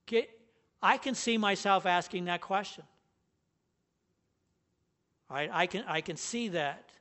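High-voiced earnest male preacher. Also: takes it slowly, pushed and bright. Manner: earnest, emphatic, stresses key words. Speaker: pastor. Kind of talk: sermon.

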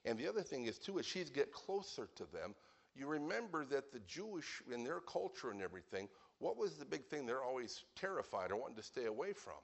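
A man's voice: brisk, gravelly. Male preacher telling a dramatic story. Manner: animated storytelling with dramatic shifts in pitch and loudness. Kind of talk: sermon.

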